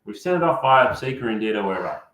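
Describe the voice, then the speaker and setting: A man's voice: lowish voice, sing-song, quick pace, fairly bright tone. A man, a career coach presenting an online workshop, speaking directly and encouragingly to his audience. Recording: roomy echo.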